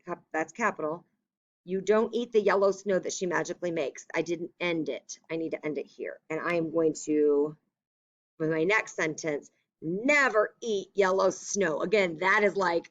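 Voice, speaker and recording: A woman's voice: lowish voice, moderate pace, a bit bright. Woman teacher talking little kids through a lesson, patient and upbeat, kinda dull lo-fi sound. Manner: patient, upbeat, explaining step by step. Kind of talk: remote classroom lesson for young children.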